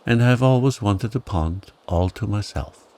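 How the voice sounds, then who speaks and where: A man's voice: on the low side, normal speed, a little mellow, lightly acted. A man voicing a fussy, earnest male talking frog in a storybook tale. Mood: regretful.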